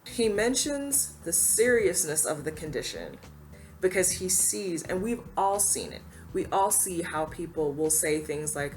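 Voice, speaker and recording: Low-voiced woman giving earnest commentary. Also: expressive, measured pace, soft background music. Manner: earnest, emphatic, quotes others in mocking voices. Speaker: commentary YouTuber. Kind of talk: opinion commentary.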